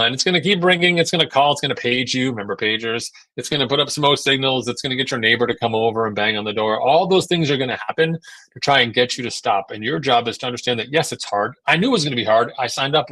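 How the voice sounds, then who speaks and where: A man coaching endurance athletes in a relaxed seminar talk. He speaks at a middling pitch, looping through fillers and repeated words as he works out his point. The sound is dry and close, with no room around it. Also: quick pace, no room sound. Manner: acts out voices in quoted asides.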